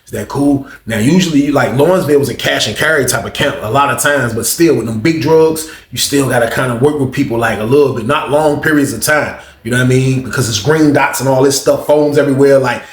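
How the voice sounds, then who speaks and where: A man's voice: mid-range voice, quick pace, hardly any pauses. Slangy man telling a story, echoey room. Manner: slangy, animated, acts out other voices. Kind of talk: casual storytelling. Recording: roomy echo.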